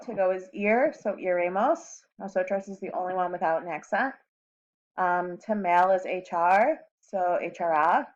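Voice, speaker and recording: A woman teacher slowly walking students through recorded lesson notes, with frequent ums. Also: medium pitch, darkish tone. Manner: slow and deliberate, with frequent ums. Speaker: Spanish teacher. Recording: slightly dull lo-fi audio.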